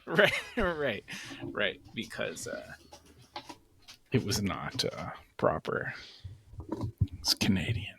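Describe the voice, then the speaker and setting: A man's voice: lowish voice, huge pitch swings, slow, creaky, long pauses, sharp tone, a little hiss or hum. A man co-hosting a podcast, telling an anecdote in casual chat and laughing between phrases. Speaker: podcast co-host.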